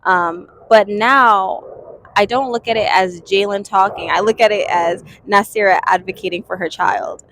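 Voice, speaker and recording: A woman in her twenties talking earnestly and thoughtfully to camera in a reflective self-help vlog, pausing and restarting as she works through her thoughts. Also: mid-range voice, a bit bright, slight background noise. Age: 20s. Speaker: vlogger.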